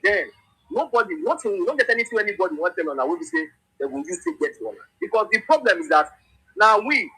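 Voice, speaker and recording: High, lively Nigerian Pidgin-speaking man. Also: fast talker, gravelly, breathy edge, rough recording. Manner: animated, repetitive, frequent restarts. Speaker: political commentator. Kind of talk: impassioned monologue.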